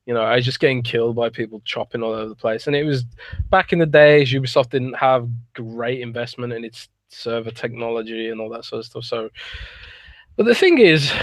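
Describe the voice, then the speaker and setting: A man with a medium-pitched voice, recorded with no echo, co-hosts a casual gaming podcast. He talks in an easygoing, rambling way and laughs often.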